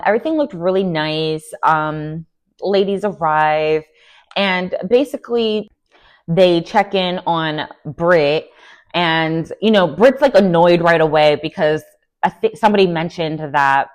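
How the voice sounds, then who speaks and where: Woman, slightly low voice, casual reality TV recap, chatty, animated, lots of fillers. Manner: chatty, animated, full of fillers, laughing asides. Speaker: recap vlogger.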